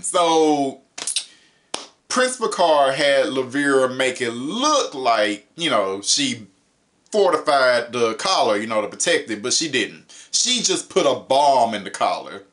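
A young man reviewing an episode in a casual, animated way, laughing often and jumping up in pitch for emphasis. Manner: paraphrases characters in quick mock voices. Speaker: show reviewer.

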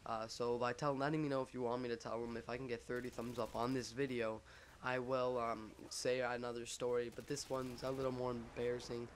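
A man's voice: medium pitch, flat delivery, a little fast, slight background noise. A young man telling a story casually over gameplay, rambling with lots of fillers and self-mocking jokes.

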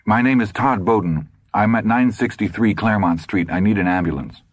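A man's voice: lowish voice, fairly quick, dry recording, voice pushed up, lightly acted. A man voicing a panicked, frantic teenage boy in an audiobook. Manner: frantic, strained.

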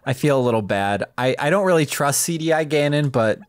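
A woman giving casual gameplay commentary as a video game presenter, reacting aloud in an excitable way and laughing often. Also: rumbling low, brisk.

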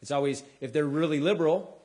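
A man, a comedian, speaking casually to a live audience, acting out people's lines with big pitch jumps and dropping low for asides. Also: fast talker. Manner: drops to a quieter, lower voice for asides. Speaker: comedian giving a talk.

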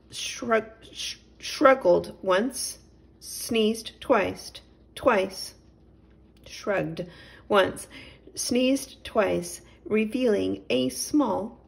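A woman gently reading a children's story aloud as the storyteller. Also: mid-range voice, gravelly.

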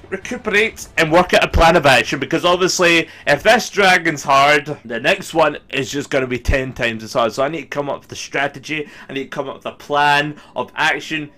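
A young man giving profane, excitable let's play commentary, yelling at his teammates. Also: fairly high pitch. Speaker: gaming video host.

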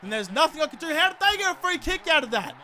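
A man's voice: very high voice, sing-song, fast talker, pushed and bright. An Australian man giving live commentary while playing a football video game, ranting and swearing freely at how the match is going.

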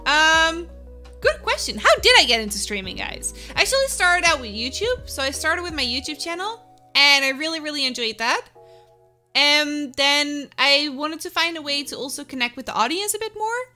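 Woman streamer, animated, sharp bright tone; upbeat, answers viewers by name. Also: high voice, normal speed, faint music behind. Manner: upbeat, laughs often, answers chat by name. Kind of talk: casual chat with live viewers.

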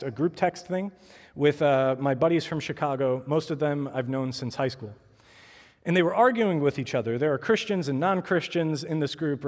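A male pastor preaching a sermon in a casual, conversational way, acting out the quoted voices. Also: a little high. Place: church sanctuary. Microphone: clip-on mic. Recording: long church hall reverb.

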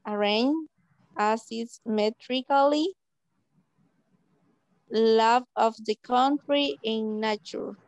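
Very slow woman reading haltingly. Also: on the high side, darkish tone, clear, resonant tone, dry recording. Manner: halting, breaks words apart. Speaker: student. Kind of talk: reading aloud in class.

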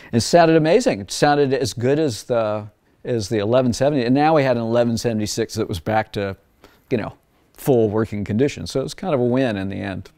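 A record producer talking casually in an interview, rambling through anecdotes and acting out past conversations in a raised voice. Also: male voice, medium pitch, fairly quick, a little mellow, no room sound.

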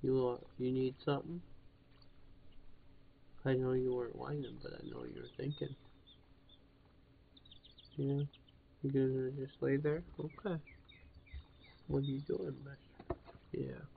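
Slow gravelly man, tinny noisy audio. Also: mid-range voice, little pitch movement. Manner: laid-back, chatting to his dog between remarks. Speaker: gameplay commentator. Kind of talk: casual let's-play commentary.

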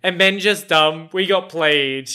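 A man's voice: on the high side, takes it slowly, bright, forceful tone, a little hiss or hum. A man with an Australian accent reacting to a film in casual chat, chatty and laughing often, with lots of fillers and some swearing. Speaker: movie reaction host.

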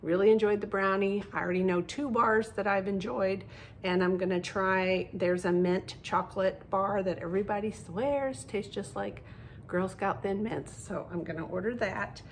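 A woman's voice: mid-range voice, normal speed, a little hiss or hum. A middle-aged woman talking casually for her diet vlog from her parked car, chatty, with fillers and self-corrections. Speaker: vlogger.

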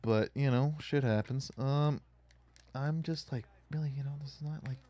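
A man's voice: mid-range voice, normal speed, dark tone. A man casually commenting on a wrestling video game as he plays, rambling and swearing in frustration at it. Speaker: gaming YouTuber.

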